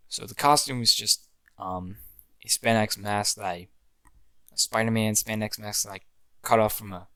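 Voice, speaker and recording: A man's voice: on the low side, a bit bright, dry recording. A young man telling the story of an amateur fan film he made, in a rambling way with frequent restarts. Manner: rambling, restarts often, acts out his own film lines. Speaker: amateur filmmaker. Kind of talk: casual storytelling.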